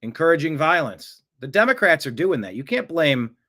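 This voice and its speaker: A man's voice: a little high, big pitch swings, normal speed, sharp tone. A man hosting a political livestream, reacting to clips with a combative, sarcastic manner. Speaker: political commentary host.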